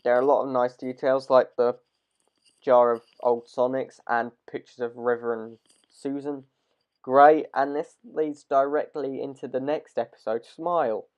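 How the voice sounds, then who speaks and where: A man losing his voice, giving a rambling, hesitant casual video review of a TV episode. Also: mid-range voice. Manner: rambling and hesitant, trailing off mid-sentence. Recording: dull lo-fi recording.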